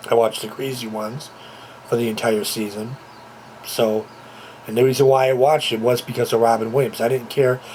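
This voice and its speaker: A man's voice: medium pitch, level tone, moderate pace, darkish tone, a little hiss or hum, rough recording. A man talking casually to camera at home, rambling and repeating himself with lots of fillers. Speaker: vlogger. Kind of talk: casual home video chat. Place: at home, indoors. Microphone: handheld camera, moving about.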